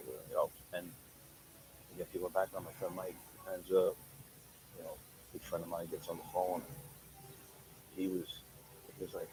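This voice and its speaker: Middle-aged male guest, low and quick, casual storyteller; noisy recording. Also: level tone, darkish tone. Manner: rambling, filler-heavy, talks in quoted dialogue. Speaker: interview guest. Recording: noisy background.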